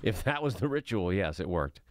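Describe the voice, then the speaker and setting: A man co-hosting a podcast, telling stories in an animated way and laughing easily. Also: low-pitched, normal speed, no echo. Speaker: co-host. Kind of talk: casual chat.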